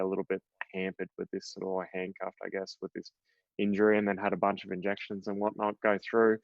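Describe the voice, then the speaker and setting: Brief: young Australian man with an Australian accent, a golfer guest rambling through anecdotes, lowish voice, dry dull podcast sound. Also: no room sound. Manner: rambling, animated, full of fillers and swearing. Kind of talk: casual interview storytelling.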